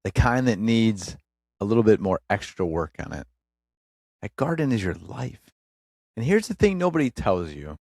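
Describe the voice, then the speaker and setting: A man's voice: fairly low pitch, big pitch swings, moderate pace, vocal fry, darkish tone, no echo, studio quality. A man hosting a faith-based motivational podcast, speaking earnestly in short emphatic phrases and addressing the listener as a brother. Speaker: podcast host.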